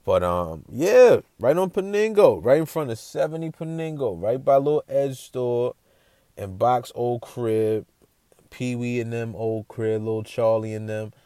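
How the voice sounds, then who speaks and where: A man's voice: mid-range voice, animated, measured pace, mellow, clean tone, dry recording, clean studio sound. A man telling a casual story as a podcast host, slangy and repeating himself while checking in with the listener.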